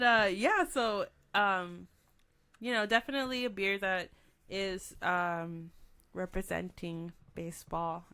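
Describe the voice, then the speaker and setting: A woman's voice: mid-range voice, sharp tone, smooth. A woman co-hosting a beer-tasting podcast, chatty and upbeat, with plenty of likes and ums. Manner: chatty, upbeat, filler-heavy. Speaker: podcast co-host. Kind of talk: casual beer-tasting chat.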